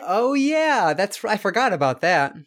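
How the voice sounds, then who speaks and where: A man in casual podcast chat with a somewhat high-pitched voice. He rambles through his points and fills the gaps with ums and restarts. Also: sing-song, unhurried, fairly bright tone. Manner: rambling, many fillers and restarts. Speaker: podcast co-host. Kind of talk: casual film review chat.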